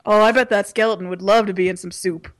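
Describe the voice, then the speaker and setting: A woman co-hosting a comedy podcast, building silly scenes with halting stops and restarts. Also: medium pitch, steady tone. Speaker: podcast co-host. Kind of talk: casual comedic chat.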